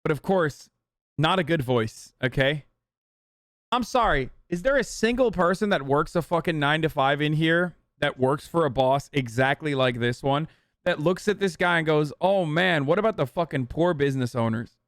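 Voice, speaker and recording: A man tears into a video in a profane, mocking rant, his voice sitting fairly high. The sound is dry and close to the mic. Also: animated, normal speed, fairly bright tone, dry recording. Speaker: political commentator streamer reacting to a clip. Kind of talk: heated live-stream commentary.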